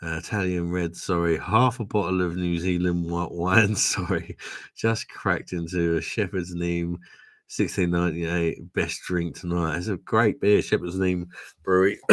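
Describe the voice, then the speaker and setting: With a low-pitched voice, fairly even intonation and a slightly slow pace, a man hosts a casual drinking livestream. Reading viewer comments while tipsy, he laughs a lot, swears, and keeps addressing people as "mate."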